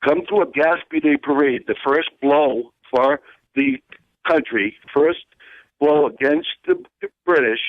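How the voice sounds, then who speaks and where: A man's voice: on the high side, measured pace, dry recording. Man, radio caller, enthusiastic, phone-line sound. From Rhode Island. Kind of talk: phone-in call.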